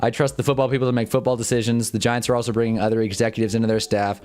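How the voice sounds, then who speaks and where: A young man live-streaming commentary on a football awards show, swearing and laughing as he swings from loud outbursts to low mumbles. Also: little pitch movement, very fast, clear, resonant tone. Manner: profane, laughs often.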